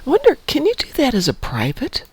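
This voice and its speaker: A man's voice: very high voice, wildly swooping pitch, brisk, slightly rough. A man hosting a casual morning live stream from home, rambling and joking about his day. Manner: rambling, chatty, self-joking.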